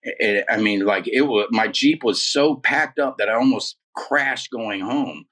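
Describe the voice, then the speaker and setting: Here a man in his forties speaks a little slowly in a mid-range, slightly bright voice, telling his story as an interview guest. His delivery is casual yet emphatic, full of "man" and "dude," and he's recorded from a bit of a distance.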